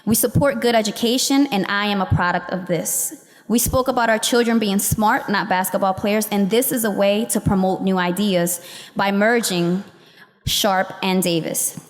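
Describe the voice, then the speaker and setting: A woman's voice: medium pitch, steady tone, moderate pace. A young woman from Camden, New Jersey, reading a composed, prepared public comment at a school board meeting. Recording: reverberant hall.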